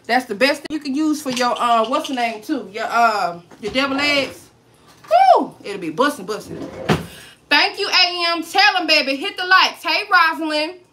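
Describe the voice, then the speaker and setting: A woman's voice: high voice, sharp tone, slight background noise. A woman hosting a casual cooking livestream, chatty and playful, talking straight to her viewers and joking as she goes. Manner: playful, swears and jokes.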